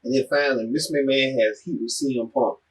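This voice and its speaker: A man hosts a news show with a husky, slightly breathy voice. He rambles loosely through the items, leaning on ums and restarts. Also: medium pitch, fairly even intonation, fast talker, low-quality recording. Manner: loose, rambling, filler-heavy. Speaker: show host. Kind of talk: news-style commentary.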